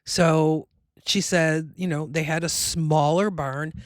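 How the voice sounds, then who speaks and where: A woman's voice: low-pitched, steady tone, takes it slowly, no room sound, studio quality. A middle-aged woman, a medium, telling a personal story casually, acting out the people she quotes and using many fillers.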